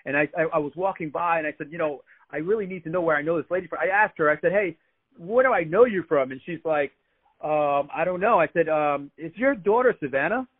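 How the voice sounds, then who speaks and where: A man tells stories as a guest on a radio talk show. He talks in a chatty way and often repeats a word before going on. His voice sits a bit high and comes through a thin, tinny phone line. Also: fast. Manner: chatty, repeats words while telling anecdotes.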